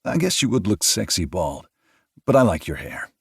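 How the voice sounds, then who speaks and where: Man doing a blunt protective tease, husky, lively, dry. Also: sits low, moderate pace, no room sound, pitched above the performer's own voice, full character voice. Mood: teasing.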